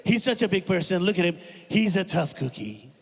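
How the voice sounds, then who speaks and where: A man putting on the voice of a boastful older male politician, slow and patronizing, at a comedy show. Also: sits high, very animated, vocal fry, big-room sound, slight background noise, full character voice. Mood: condescending.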